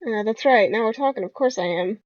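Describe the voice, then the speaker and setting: A woman voicing a manic, boastful male bomber, loud and excitable. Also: fairly high pitch, a little fast, no echo, muffled recording, natural voice. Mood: excited boasting. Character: manic male Australian junk-loving bomber.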